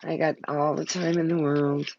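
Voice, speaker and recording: A woman's voice: deep voice, level tone, normal speed, darkish tone, muffled recording, a little hiss or hum. A woman giving a live-stream tarot reading, blunt and emotional, swearing freely and short of breath. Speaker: tarot card reader.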